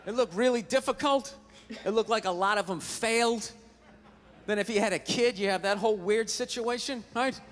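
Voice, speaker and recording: A man's voice: high voice, normal speed, long reverb tail. A man doing a stand-up routine on a comedy stage, with a profane, ranting delivery into a handheld mic.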